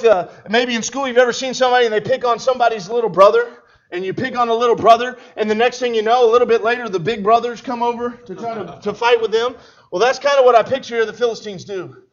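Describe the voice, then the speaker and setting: High-voiced man preaching a story sermon. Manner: animated, acts out scenes, many restarts. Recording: dull lo-fi recording.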